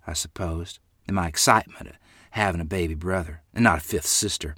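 A man narrating a memoir story in an expressive, dramatic way. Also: sits low, fairly quick, slightly rough, no room sound, studio quality.

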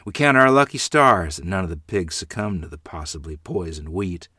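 Expressive male storyteller, dry sound. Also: low voice, moderate pace, slightly rough, no room sound. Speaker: narrator. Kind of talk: storytelling narration.

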